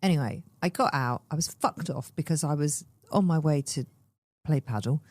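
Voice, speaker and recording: A woman's voice: low-pitched, moderate pace, a little mellow, no room sound. A woman, co-hosting a podcast and chatting casually, telling stories and acting out the people in them. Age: 40s. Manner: chatty storyteller, acts out quoted people, swears casually. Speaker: podcast co-host. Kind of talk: casual chat.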